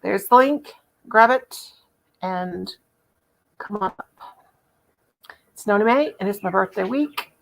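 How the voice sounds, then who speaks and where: A woman's voice: medium pitch, takes it slowly, vocal fry, pauses often, rough recording. A middle-aged woman with a Southern US accent hosts a casual crochet livestream, playful and chatty, humming nonsense syllables. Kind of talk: casual live chat.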